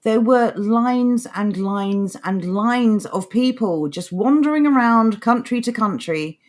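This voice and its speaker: Her voice is a little high and animated, and she talks slowly. As a podcast co-host, she reads articles aloud and answers them with sarcastic, mocking chatter.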